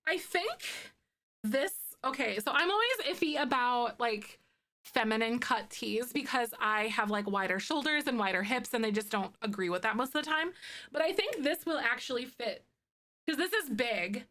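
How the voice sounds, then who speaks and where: Woman, live streamer, casual chat, excitable, talkative, slightly higher voice. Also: normal speed. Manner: excitable, chatty, self-described loudmouth.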